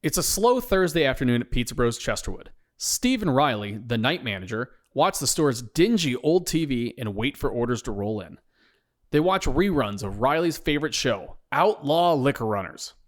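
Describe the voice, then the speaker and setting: A man's voice: mid-range voice, sing-song, normal speed. A man narrating a comic audio story in a dry, matter-of-fact way.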